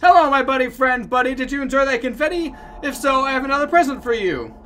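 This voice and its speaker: A sugary, overeager happy buddy pipes up in a high, squeaky, sing-song voice, as a man puts it on for a game video. It chirps along with exaggerated cheer and big swoops in pitch. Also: lively intonation, fast, a bit bright. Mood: chirpy.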